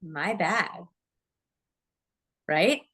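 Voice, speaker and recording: A woman giving a live real estate training talk, chatty and lively, often asking the audience questions. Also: fairly low pitch, very slow, husky. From Oregon, USA.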